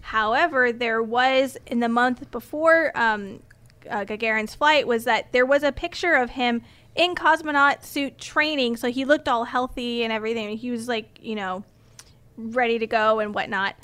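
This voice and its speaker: A woman's voice: a little high, moderate pace, a bit bright, clear, resonant tone. A woman co-hosting a casual podcast, explaining a story step by step with frequent ums and restarts. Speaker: podcast co-host presenting the story. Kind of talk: casual chat.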